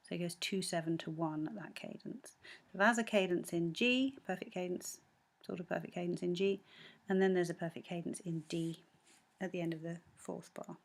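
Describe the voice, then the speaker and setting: A woman's voice: lowish voice, steady tone, moderate pace. A woman teaching a music lesson, patiently explaining a score bar by bar, with frequent ums and self-corrections, sometimes singing short bits of the melody.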